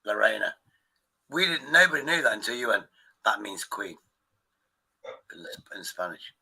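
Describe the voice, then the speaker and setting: Bright-voiced man chatting. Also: mid-range voice, big pitch swings, creaky, husky, low-quality recording. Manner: swearing, banter, quick asides. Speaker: streamer. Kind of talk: casual chat.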